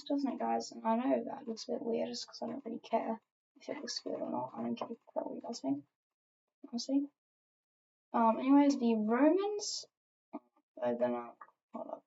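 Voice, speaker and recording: A woman chats her way through editing a map, rambling and offhand, tossing in asides and fillers. Her voice sits a little high but has a warm, gravelly fry to it. The sound is dull and lo-fi, like a cheap home mic. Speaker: alternate-history mapper. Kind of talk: casual map narration while editing.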